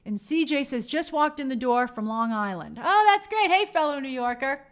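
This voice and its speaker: High-voiced woman chatting with stream viewers. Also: expressive. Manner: chatty, apologetic, quick shout-outs to viewers. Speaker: live stream host. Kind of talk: casual live-stream chat reading viewer comments. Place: home in New York City.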